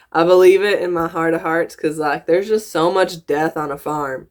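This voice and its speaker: A woman with a slight Southern US drawl, hosting a casual reaction video in a rambling, giggly, self-mocking way. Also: on the low side. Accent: slips into a Southern US drawl.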